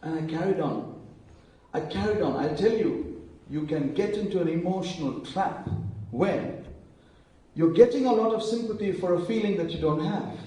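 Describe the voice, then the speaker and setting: A man preaching a sermon in a big, echoey church hall, heard from some way off the microphone. His voice is somewhat high and mellow, and he tells stories, dropping to a hush for quoted lines. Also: normal speed, recorded from a distance. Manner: storytelling, acting out quotes in hushed voices.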